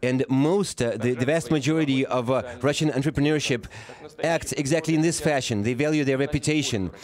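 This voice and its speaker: A man giving a live interpretation of a formal speech, halting and often pausing to correct himself. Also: mid-range voice, a little mellow. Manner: halting, with frequent pauses and self-corrections. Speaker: simultaneous interpreter.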